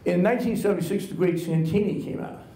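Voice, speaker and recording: A man's voice: high voice, fast, dark tone, slight background noise. Man telling wry stories in an echoey hall. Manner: wry, self-mocking anecdotes. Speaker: author and guest speaker. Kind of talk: humorous storytelling talk to an audience. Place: college lecture hall with an audience.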